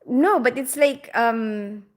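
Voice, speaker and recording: Speaking slowly in a slightly high voice, a Philippines-raised woman in her forties chats casually with her livestream audience. She reads out their comments and laughs often.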